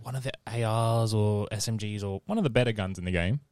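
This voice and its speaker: A young man in casual podcast chat, relaxed and matter-of-fact. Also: on the low side, fast, clean tone, no room sound. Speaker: podcast co-host.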